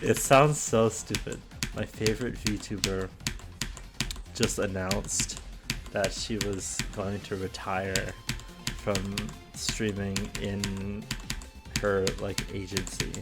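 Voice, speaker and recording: Slow-talking, breathless young man rambling. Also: on the low side, level tone, over loud music. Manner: rambling, self-deprecating, many restarts. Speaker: host. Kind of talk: casual solo monologue.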